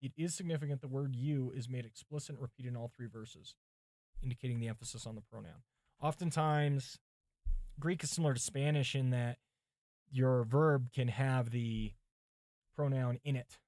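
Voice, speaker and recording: Preparing a sermon live, a male pastor reads commentaries aloud, muses to himself, and chats with his viewers. His mid-range voice is darkish and moderately paced, the mic sits some distance from him, and the sound is clean, studio-like, and echo-free.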